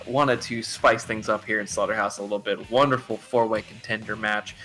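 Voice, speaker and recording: A man calling wrestling play-by-play live, excitable and quick to laugh, his voice jumping up on big moves. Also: fairly low pitch. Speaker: play-by-play commentator.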